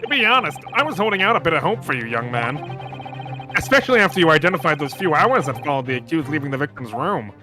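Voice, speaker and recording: A man's voice: a little high, big pitch swings, quick pace, music in the background. A man voicing a haughty male prosecutor in a game, speaking with pompous, formal phrasing. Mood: condescending. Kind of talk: voicing game dialogue with friends.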